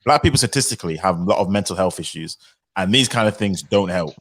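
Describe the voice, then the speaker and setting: A man's voice: deep voice, animated, fast talker, a bit bright, breathy edge. A man in a casual online discussion, teasing and handing out joking advice. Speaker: panelist.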